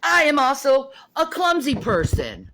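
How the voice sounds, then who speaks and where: A middle-aged woman ranting on her livestream, profane and confrontational. Her fairly high voice leaps up and down, and she talks slowly, stumbling and repeating words as she gets worked up. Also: huge pitch swings, noisy background. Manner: repeats words and restarts when heated. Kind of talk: livestream rant.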